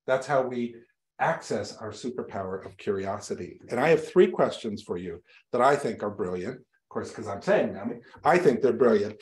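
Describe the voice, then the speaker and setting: A man's voice: fairly low pitch, lively intonation, moderate pace. A male reverend giving a sermon to his congregation, telling stories in a conversational way with light humor. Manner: warm conversational storytelling to a congregation, light self-deprecating humor. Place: church sanctuary.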